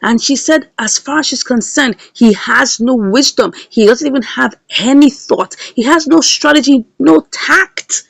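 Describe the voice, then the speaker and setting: A woman's voice: high voice, measured pace, vocal fry, few pauses, no echo. A woman telling a drama's plot in a casual recap, acting out the characters' lines. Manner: animated storytelling, acts out the characters' lines.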